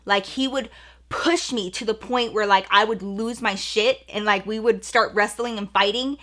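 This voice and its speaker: Young woman, storytime vlogger, bright chatty delivery, acts out quoted lines. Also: mid-range voice, fairly even intonation, moderate pace. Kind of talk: casual storytelling.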